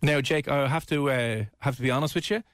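A man's voice: medium pitch, brisk, a bit bright, no room sound, clean studio sound, faint music behind. A man hosting a radio show, teasing and joking in casual chat. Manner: jokey, teasing. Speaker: radio host.

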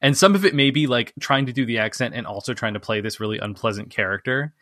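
A man's voice: mid-range voice, quick pace, fairly bright tone, no room sound, studio quality. A man co-hosting a podcast who recaps a film scene by scene in casual chat, peppered with "like". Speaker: podcast co-host.

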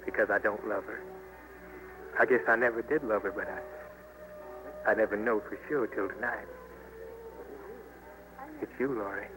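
An actor playing an earnest young trapper with a plainspoken, folksy drawl, in a 1950s radio drama. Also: male voice, lowish voice, fairly even intonation, moderate pace, pauses often, music in the background, lightly acted, low-quality recording. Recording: hissy 1950s radio broadcast.

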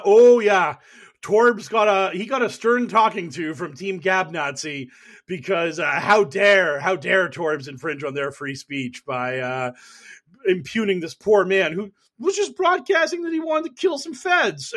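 A man's voice: sits high, expressive, measured pace, fairly bright tone. A man co-hosting a podcast, chatting casually and mockingly about political news, laughing often and rambling with fillers. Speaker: podcast co-host. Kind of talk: casual comedic political chat.

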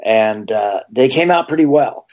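A man's voice: medium pitch, a little slow. Rambling male storyteller, lo-fi. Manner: rambling, animated anecdotes. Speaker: actor and TV horror host as guest. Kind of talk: casual interview storytelling. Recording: slightly dull lo-fi sound.

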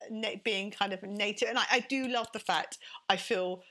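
Woman, London accent, bright, fast-talking, animated, restarts a lot, interview guest. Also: medium pitch. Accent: London English. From London, England. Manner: quick, animated, with frequent restarts and repeated words. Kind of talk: conversational interview.

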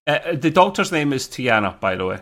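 A man's voice: mid-range voice, big pitch swings, a little fast, a bit bright. A man co-hosting a casual review podcast, recapping an episode in an easygoing, chatty way. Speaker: podcast co-host.

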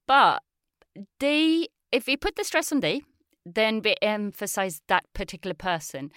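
A woman's voice: mid-range voice, a bit bright, dry recording, studio quality. A woman teaching in a lesson chat, explaining patiently with a playful touch. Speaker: Swedish teacher.

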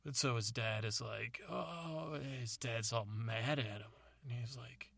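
A man's voice: medium pitch, fairly even intonation, measured pace, gravelly, bright, forceful tone, slightly rough, no room sound. A man casually narrating a bedtime story, rambling and correcting himself as he goes. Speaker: podcast storyteller.

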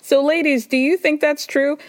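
A woman's voice: sits high, fairly even intonation, normal speed, no echo. A woman hosting a podcast, recapping reality TV in a gossipy, storytelling way and acting out quotes. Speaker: podcast host.

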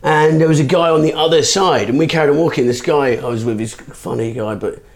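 A man, a comedian guest on a podcast, telling stories in casual chat with lots of swearing and quick asides. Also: on the high side.

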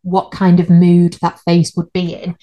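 Chatty woman, lowish voice. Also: completely flat delivery, measured pace, muffled recording. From United Kingdom. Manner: chatty, laughs at her own stumbles. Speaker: podcast co-host. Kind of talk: casual chat.

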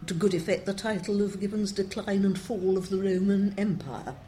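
A woman's voice: mid-range voice, normal speed, mellow, a little hiss or hum. An older woman, a translator, giving wry, discursive interview answers and quoting verse with relish.

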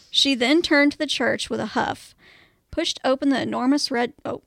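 A woman podcast co-host reading a comic story aloud, animated and swearing casually. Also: high voice, gravelly, no room sound, clean studio sound.

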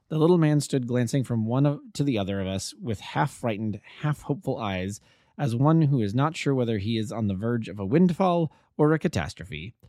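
A man's voice: medium pitch, lively intonation, warm tone, no echo, clean studio sound. Man reading a classic detective tale. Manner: measured storytelling, voices the characters. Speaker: amateur audiobook narrator.

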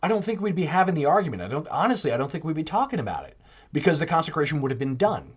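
A man talking in a casual podcast monologue, animated and putting on mock voices when he quotes others. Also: a little high, very fast, slightly rough, dull audio. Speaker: Catholic podcaster.

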